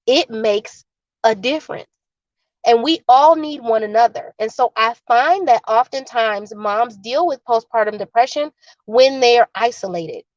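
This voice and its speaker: A woman guest on an interview, explaining birth and postpartum support earnestly and calmly with examples, over dull video call audio. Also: high-pitched, no room sound.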